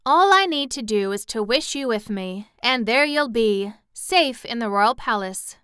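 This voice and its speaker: A woman's voice: on the high side, expressive, unhurried, fairly bright tone, clean tone, no room sound, studio quality, pitched above the performer's own voice. A woman voicing a cheerful, confident little girl in an audiobook, speaking eagerly and reassuringly.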